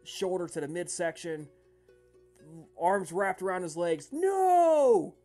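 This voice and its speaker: A man narrating as game master of a tabletop role-playing game, shouting out villagers' lines now and then. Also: sits high, unhurried, soft background music. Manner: relaxed, breaks into loud shouted voices for villagers.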